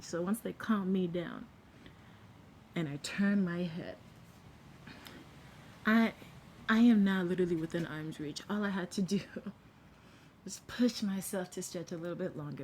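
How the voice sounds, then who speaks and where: A young woman tells a storytime to her camera, animated and chatty, sometimes dropping to a whisper. Her voice sits a little low and sounds mellow. Faint noise hums behind her. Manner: animated, acts out quotes, drops to a whisper at times. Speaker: vlogger telling a story. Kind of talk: casual storytime.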